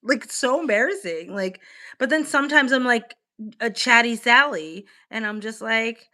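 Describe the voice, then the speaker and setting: A young woman from the United States hosting a casual livestream, chatting with viewers in an animated way full of "like" fillers. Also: a little high, unhurried. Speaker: livestream host. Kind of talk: casual livestream chat, reacting to viewer comments.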